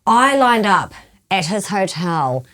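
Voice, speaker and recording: A woman in her forties co-hosting a casual chat, emphatic and excitable, and she swears freely. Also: medium pitch, takes it slowly, a little hiss or hum. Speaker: co-host.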